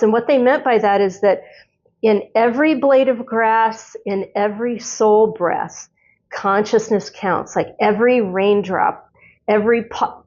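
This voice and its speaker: A woman with a slightly high voice talks earnestly through notes she has channeled. She stumbles over her words and restarts, then leans hard into the points that matter to her. The recording sounds dull and lo-fi. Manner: earnest, halting with restarts, builds to excited emphasis. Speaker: spiritual channeler. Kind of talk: solo talk reading channeled notes. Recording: dull lo-fi audio.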